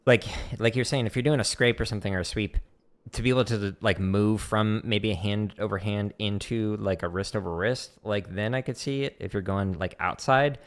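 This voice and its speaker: Speaking at normal speed with a fairly low, fairly even voice, this man teaches drum rudiments on a home livestream from his practice room. He's chatty and loose, leaning on "like" as filler while counting patterns aloud into a desk mic.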